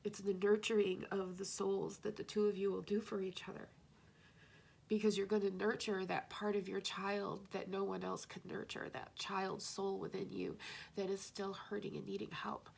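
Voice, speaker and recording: A woman giving a spiritual tarot reading, talking gently and rambling, often emotional. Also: mid-range voice, flat delivery, normal speed, creaky, breathy edge. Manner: gently rambling, emotional, at times tearful and laughing. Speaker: tarot card reader.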